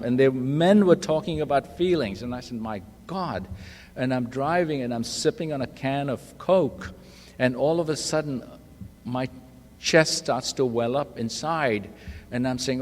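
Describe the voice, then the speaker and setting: A man's voice: medium pitch, normal speed, a little mellow. A man giving a humorous personal testimony at a recovery meeting, self-deprecating and acting out the voices in his stories. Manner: self-deprecating storyteller, acts out quoted voices. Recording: live talk in a reverberant hall.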